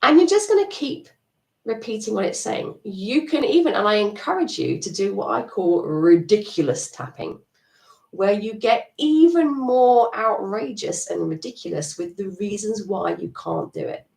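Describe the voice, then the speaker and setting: A woman's voice: medium pitch, big pitch swings, normal speed, creaky, darkish tone. A middle-aged woman coaching a live EFT tapping session, chatty and encouraging, laughing at herself. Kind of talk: live-stream coaching talk. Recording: echoey room, distant mic.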